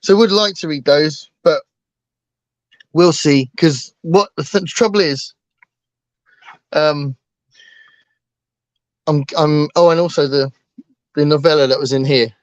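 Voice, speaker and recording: A man's voice: on the high side, measured pace, long pauses, no echo, dull audio. A man co-hosting a casual book livestream, talking hesitantly with lots of ums and restarts. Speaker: book channel co-host.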